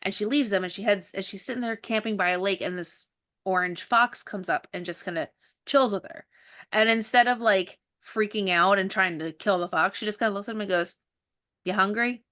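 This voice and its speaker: Speaking fairly quickly in a medium pitch, this woman hosts a podcast and is also an author. In casual chat she tells stories with animation, acting out pieces of dialogue.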